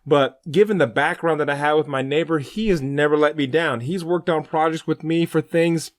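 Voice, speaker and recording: A man's voice: fairly high pitch, moderate pace, no echo. Earnest man telling a story, dry sound. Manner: earnest, rambling, chatty. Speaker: radio show co-host. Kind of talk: casual faith broadcast storytelling.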